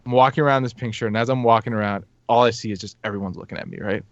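A young man rattles through a story at a quick clip, animated and breaking into laughter, acting out the people in it. His voice is dry and close, with a slightly dull, lo-fi sound. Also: mid-range voice, dry recording. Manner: animated, laughs often, acts out quotes. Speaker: podcast guest telling a story. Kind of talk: casual storytelling.

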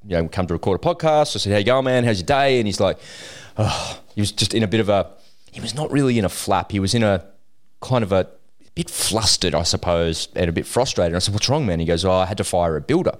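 Aussie bloke hosting a podcast, really deep voice, laid back and chatty. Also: male voice, fast. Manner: chatty storyteller, relaxed and encouraging. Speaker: podcast host. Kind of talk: casual business podcast chat.

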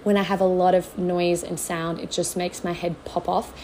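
A woman's voice: lowish voice, little pitch movement, normal speed, darkish tone, a little hiss or hum, rough recording. A young woman, hosting a casual faith-based podcast and talking in an earnest, open, reflective way, with many "like"s and "um"s. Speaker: podcast host.

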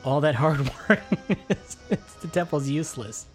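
A man's voice: on the high side, animated, moderate pace, soft background music. A man co-hosting a casual movie commentary podcast, chatting enthusiastically. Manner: enthusiastic, chatty, many restarts. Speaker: podcast co-host.

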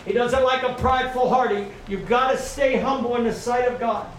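A man's voice: very high-pitched, fairly even intonation, a little fast, a little hiss or hum. A middle-aged man preaching a sermon, repeating his points and leading the congregation in call-and-response. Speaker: pastor. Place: church sanctuary. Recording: echoey room from far off, faint ambience.

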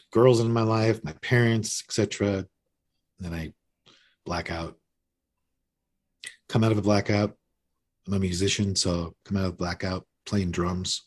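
A man in his fifties speaks in a low, husky, slightly mellow voice. As a podcast guest, he relates his recovery in a casual, candid, self-deprecating way, often starting over mid-thought.

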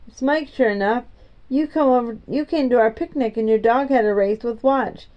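A sensible older boy, as a woman reads him out, calm and firm as he settles arguments. The voice sits fairly high and the recording is dull and lo-fi. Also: normal speed, natural voice.

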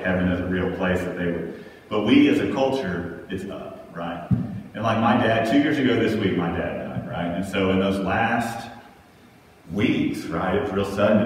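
Thirties male pastor, low voice, casual conversational sermon, roomy reverberant church pickup. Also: slight background noise. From Texas. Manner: conversational, keeps asking "right?". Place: large church sanctuary. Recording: echoey hall, mic far off.

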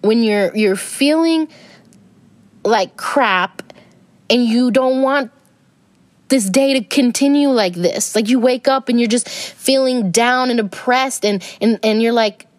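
A woman's voice: a little high, unhurried, darkish tone, dry recording. A young adult woman hosting a podcast, talking casually about self-help and spirituality in a rambling way with many fillers. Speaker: podcast host.

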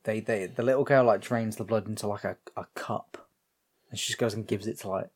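A man's voice: lowish voice, fairly even intonation, a little fast, a little mellow. A man with a British accent casually recapping a film as podcast co-host, telling it animatedly and swearing freely. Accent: British English.

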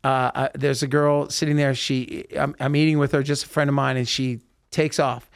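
A man hosting a podcast in a studio, telling a story with lively voiced-out quotes. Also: mid-range voice, normal speed, gravelly, clean tone. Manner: animated storyteller acting out quotes. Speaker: podcast host. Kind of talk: casual storytelling chat.

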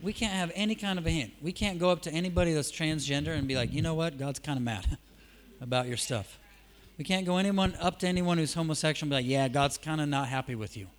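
Speaking quickly, this preacher tells stories in a church sermon with a voice pitched slightly high for a man. He's animated and chatty, rising into loud, forceful high points before slipping back into quiet asides.

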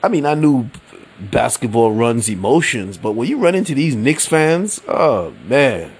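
Slow-talking laid-back New man. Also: medium pitch, big pitch swings, husky. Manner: laid-back, rambling, laughs often, slangy. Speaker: podcast host. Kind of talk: casual solo sports talk.

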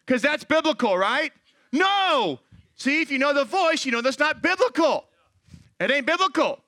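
A man in his thirties preaching a sermon as pastor, animated and acting out quoted voices. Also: very high voice, moderate pace, dry recording.

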